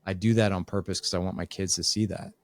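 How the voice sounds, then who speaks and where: On a conversational podcast interview, a middle-aged guest, an author and a father, speaks fast in a very deep, steady voice. He spins family stories and slips into the voices of relatives to act out what they said, captured in a close, dry recording without echo.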